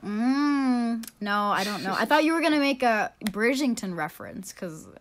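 A young woman who is a university student, co-hosting a casual podcast, chatty and self-deprecating and quick to laugh. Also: on the high side, lively intonation, a crowd in the background. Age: young adult. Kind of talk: casual chat.

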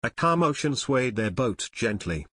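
A man narrating an unabridged adventure audiobook in a steady, measured reading voice. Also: mid-range voice, dry recording, studio quality. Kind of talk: scripted narration.

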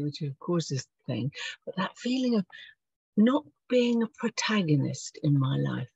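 A woman leading an online group meditation, talking softly and reflectively, gently guiding listeners. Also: fairly low pitch, breathy edge, dry recording, dull audio. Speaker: meditation leader. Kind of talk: gentle spiritual talk. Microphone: video call.

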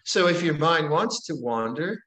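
An older man, a meditation teacher, gives a calm, conversational dharma talk with frequent repetitions and rhetorical questions. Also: a little high, unhurried. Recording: roomy echo.

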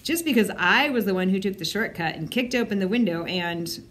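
A woman voicing a cocky young boy, the youngest brother, who talks in an excited, boastful way. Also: medium pitch, brisk, close to an everyday voice.

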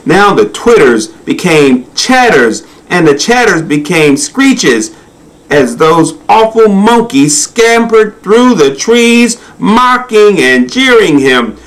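A man reads animal stories for children with an unhurried, deliberate pace. His voice is lively, rising and falling expressively through each sentence. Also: high voice. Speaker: storyteller.

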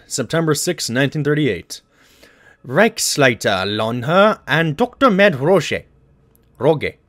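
A man's voice: a little high, dry recording, studio quality. A man voicing a stiff wartime official, reading a letter aloud in an exaggerated mock German accent.

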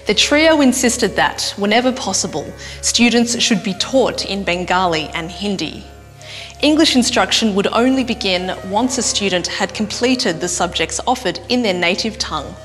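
A woman giving scripted documentary narration in a clear, explanatory way. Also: medium pitch, lively intonation, moderate pace, a bit bright. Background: music.

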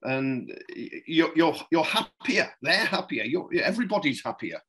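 Bright and forceful with a breathy edge, the fairly high voice of a middle-aged political journalist swings widely in pitch at a moderate pace. Appearing on a podcast, he rambles through anecdotes with frequent restarts, "you know"s, and chuckles, all on poor audio.

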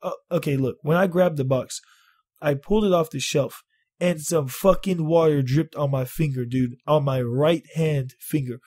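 A man vlogging, telling a story in casual, profane talk, animated and exaggerating. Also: fairly high pitch, moderate pace. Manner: animated, swears a lot, exaggerates.

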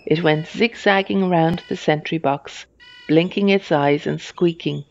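A reader telling a children's storybook in a slow, even storytelling manner. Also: mid-range voice, gravelly, muffled recording, a little hiss or hum.

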